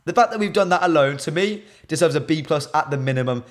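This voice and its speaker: A young man with a British accent hosts a live stream, talking casually and replying to comments from chat. His voice sits a bit high for a man, and he keeps up a lively, bantering flow. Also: fast talker. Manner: animated, reads chat comments aloud and banters with viewers.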